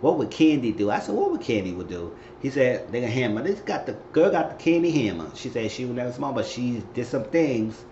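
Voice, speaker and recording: Animated man recapping a TV episode. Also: a little fast, hardly any pauses, slight background noise. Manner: animated retelling, acting out quotes with high squeals. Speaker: recap host. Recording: echoey room, dull lo-fi sound.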